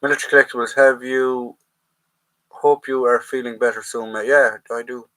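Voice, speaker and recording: An Irish man hosting a casual live Q&A, reading viewer comments aloud and answering in a halting way. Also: mid-range voice, fairly even intonation, fairly bright tone, dry recording, low-quality recording. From Ireland. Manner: halting, stops to read viewer messages aloud. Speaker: livestream host, military collectibles dealer.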